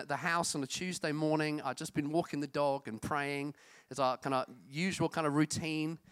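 A middle-aged pastor preaching in a chatty, self-deprecating manner, full of fillers. His voice sits a little higher than most men's. The sound is close and dry, with no room echo. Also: fairly bright tone, clean tone. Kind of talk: sermon.

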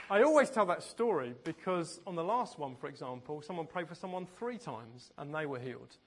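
A man's voice: fairly high pitch, animated, fast talker, hardly any pauses. A man preaching a sermon as pastor, telling stories in a conversational way and often laughing.

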